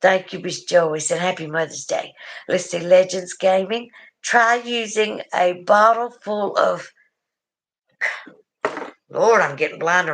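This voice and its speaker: A woman's voice: lowish voice, a bit bright. Middle-aged Southern woman, casual folksy host reading viewer comments. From southern United States. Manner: chatty and folksy, with asides to viewers. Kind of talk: casual chat.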